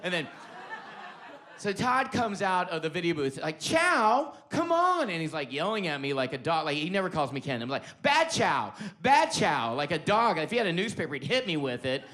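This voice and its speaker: Profane stand-up comic, loud to hushed. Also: male voice, on the high side, expressive, fairly quick. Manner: loud swings between shouting and hushed confiding; profane, conversational, self-mocking. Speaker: stand-up comedian. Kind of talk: stand-up comedy set.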